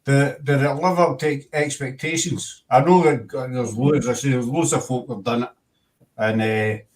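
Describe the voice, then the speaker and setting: A man's voice: medium pitch, fairly even intonation, moderate pace. A Scottish man hosting a casual chat show, teasing his guests and laughing often. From Scotland. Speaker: host.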